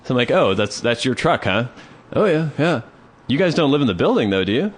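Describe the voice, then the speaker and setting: A male podcast co-host spins a casual anecdote, jumping between his own voice and the people he met. His pitch swings widely as he tells it. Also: fast talker. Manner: animated anecdote teller, acts out both sides of dialogue. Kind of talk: casual storytelling chat.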